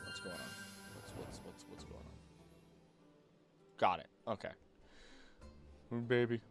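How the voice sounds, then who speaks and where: A man chatting casually on a live gaming stream, jokey and animated, talking to the creatures on screen. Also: lowish voice, unhurried, vocal fry, soft background music. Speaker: streamer and voice actor.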